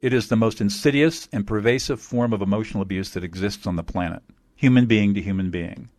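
Emphatic low-voiced man, dry sound. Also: fairly quick, darkish tone, no echo. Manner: emphatic, explanatory, repeats key phrases. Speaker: attorney and mediator guest. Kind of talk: interview answers.

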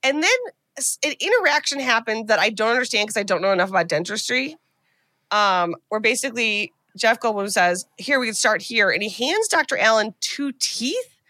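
A woman podcast co-host recapping a movie in a casual, profane, animated storytelling way. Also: a little high, normal speed, no echo.

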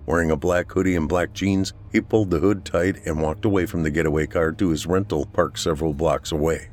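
A man reading a scripted story as narrator, with a slow, steady delivery. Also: low-pitched.

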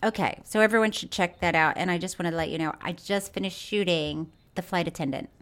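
A woman's voice: fairly low pitch, brisk. A woman co-hosting a podcast in casual chat, giggly and gushing. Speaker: podcast co-host.

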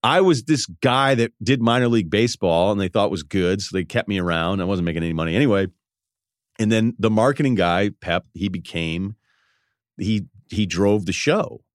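A man's voice: on the low side, expressive, moderate pace, dry recording, clean studio sound. A man in his forties hosting a podcast, telling casual stories in a loose, self-mocking way and laughing between phrases. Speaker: podcast host. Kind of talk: casual storytelling monologue.

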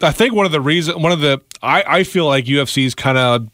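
A man's voice: on the high side, brisk, fairly bright tone, dry recording, studio quality. A man co-hosting a radio show, talking with many uhs and stammered restarts. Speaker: radio co-host. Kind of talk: morning radio banter.

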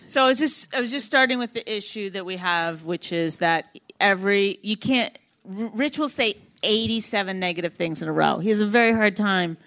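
A woman's voice: mid-range voice, fairly quick, a bit bright. Woman, comedian, podcast co-host, chatty, playful, laughs a lot, studio mic. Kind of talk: casual podcast chat. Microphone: studio microphone.

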